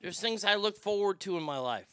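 A man's voice: high voice, animated, fairly quick, bright, forceful tone, clean tone, no room sound, clean studio sound. A man hosting a livestream in casual commentary, rambling with stammered restarts and a mocking tone. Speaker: livestream host.

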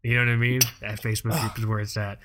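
A man's voice: lowish voice, level tone, fast talker, background noise. A man co-hosting a chatty podcast. He keeps it loose and joking and swears casually as he talks. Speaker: podcast co-host. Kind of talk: casual chat.

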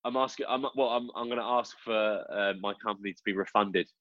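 A man's voice: on the low side, fairly quick, no room sound. Rambling British man, dull dry sound. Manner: rambling, animated, self-mocking. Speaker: podcast co-host. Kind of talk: casual chat.

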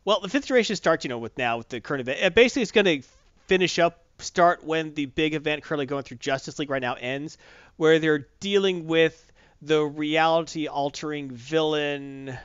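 A man's voice: a little high, a little fast, a bit bright, clean tone, no echo. Man, casual podcast chat, rambling, self-correcting, dry muffled sound.

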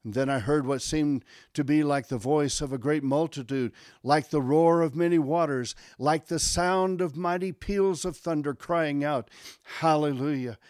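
A pastor reading a Bible passage aloud in a measured, solemn way with emphatic rises. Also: male voice, a little high, a little mellow, dry recording, studio quality. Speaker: guest scripture reader, pastor. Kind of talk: scripture reading.

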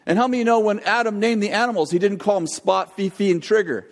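An older man preaching a sermon, telling a jokey family story in an animated way. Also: high voice, fast. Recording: long hall reverb.

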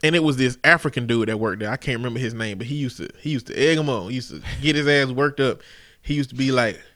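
Male podcast host, bright tone, animated storyteller. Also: mid-range voice, fast, dry recording, clean studio sound. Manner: animated, profane anecdotes, laughing. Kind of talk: casual chat.

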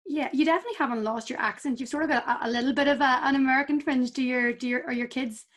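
A woman with a Northern Irish accent interviewing a guest, her voice a bit high and her pace quick. She is chatty and asks questions in short, tumbling phrases. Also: fairly even intonation, a bit bright. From Northern Ireland. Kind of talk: casual interview conversation.

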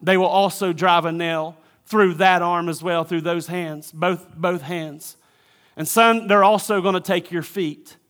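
A male pastor in a dramatic sermon monologue, voicing God the Father as he speaks earnestly to his son and drops to a hushed near-whisper on tender words. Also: sits high.

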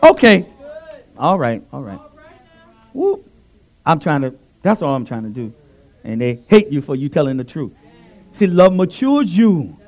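A man preaching a sermon in a church into a handheld mic, calling out to the congregation and swinging between loud exclamations and soft asides. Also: medium pitch, very animated, normal speed, pauses often.

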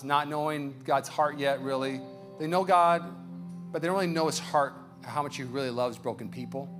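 Bright-voiced pastor preaching a sermon. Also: male voice, a little high, moderate pace, soft background music. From United States. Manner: storytelling, building to loud fervent prayer. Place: church sanctuary.

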